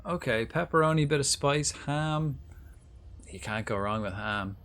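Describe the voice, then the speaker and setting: A male livestreamer rambling through casual commentary while he plays. He chats loosely, thinking aloud and restarting his sentences. His voice sits at an ordinary middle pitch. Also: animated, a little slow, a bit bright. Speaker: livestreamer playing a game.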